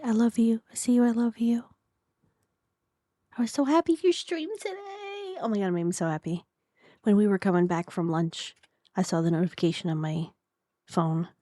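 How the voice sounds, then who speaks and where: A woman's voice: on the low side, fairly even intonation, a little fast, warm tone. A young woman streamer chatting casually with her viewers, greeting them by name and often dropping to a whisper. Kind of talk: casual live-stream chat.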